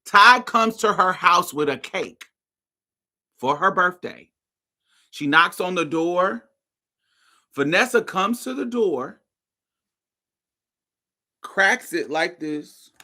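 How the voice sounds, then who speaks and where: A woman hosting a podcast tells a story in a lively, swearing, dramatic way. Her voice swings widely in pitch and has a very bright, sharp tone. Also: slow pace, long pauses. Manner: animated, profane, dramatic retelling. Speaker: podcast host. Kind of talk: casual storytelling.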